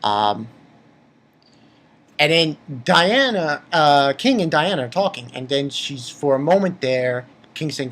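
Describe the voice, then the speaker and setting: A man giving an excitable, rambling recap of a manga chapter, repeating himself, swearing casually and jumping into high squeaky voices when he quotes. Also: slow, a little hiss or hum. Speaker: manga reviewer.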